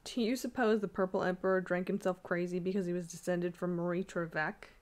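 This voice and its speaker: A woman's voice: mid-range voice, lively intonation, lightly acted. A woman reading aloud, voicing a brash, skeptical young American man who scoffs at superstition. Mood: animated. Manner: scoffing, brisk. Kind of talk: audiobook reading.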